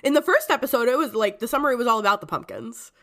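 With a fairly high voice and a fast pace, a woman co-hosting a casual podcast chat laughs a lot as she talks. Her cold makes her sound congested, yet she stays giggly, chatty and lively.

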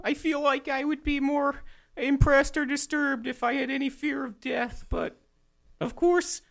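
A woman's voice: high-pitched, steady tone, a little slow. A woman voicing a flippant female demi-demon podcast host who teases her guest. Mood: mocking. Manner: flippant, teasing, stammering asides.

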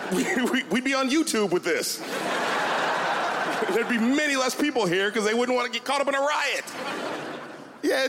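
A man performing a stand-up comedy set, telling animated stories and mocking voices. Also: very high voice. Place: comedy venue with a live audience. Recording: loud crowd and noise.

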